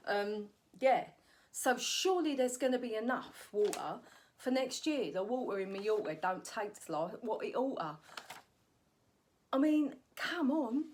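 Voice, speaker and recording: A woman, a comedian delivering a rambling comic monologue and correcting herself as she goes. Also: mid-range voice. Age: 40s. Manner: rambling, cheeky, self-correcting.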